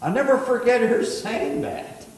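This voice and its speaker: A middle-aged man, a pastor preaching a sermon, rising to emphatic preaching with quick asides. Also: extremely high pitch, very animated, darkish tone, slight background noise. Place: church sanctuary. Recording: echoey hall.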